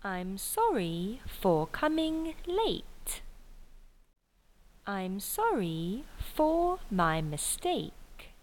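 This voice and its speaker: A woman reads everyday English phrases for learners at a very slow pace. Her intonation swings widely from phrase to phrase, and every word is spoken clearly. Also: mid-range voice, very animated, low-quality recording. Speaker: English teacher. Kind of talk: slow scripted phrase reading.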